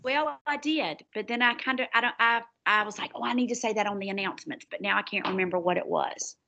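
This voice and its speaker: A woman's voice: medium pitch, fast talker, creaky, sharp tone, highs cut off. Southern woman co-host, school announcements, rambling easy chat. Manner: chatty, rambling, self-deprecating.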